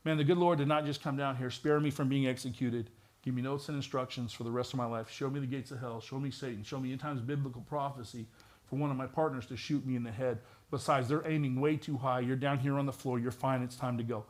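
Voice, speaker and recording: A man's voice: mid-range voice, steady tone, quick pace. A middle-aged man, a retired police detective, giving a vivid personal testimony in a church with touches of wry humor.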